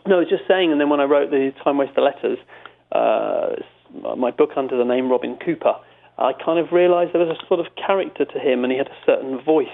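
A man's voice: medium pitch, brisk, creaky. A British man, a comedy writer, chatting in an interview, telling rambling, self-amused stories with many restarts. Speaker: comedy writer and prank caller. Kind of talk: casual interview chat. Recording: tinny phone-line sound.

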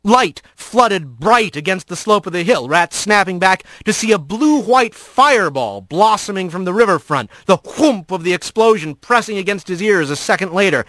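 Bright-voiced male storybook narrator. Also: high-pitched, lively intonation, moderate pace, few pauses, no room sound. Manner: vivid, varied reading.

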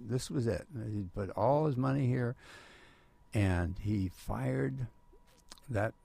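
Gravelly older man telling stories. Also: mid-range voice, takes it slowly. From Southern California. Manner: animated storyteller, acts out quoted voices. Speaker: guest storyteller. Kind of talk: radio interview anecdotes.

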